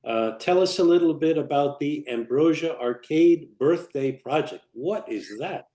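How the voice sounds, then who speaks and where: A man interviewing a guest, asking gentle, reflective questions with religious phrasing. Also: fairly high pitch, expressive, a little slow. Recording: roomy echo.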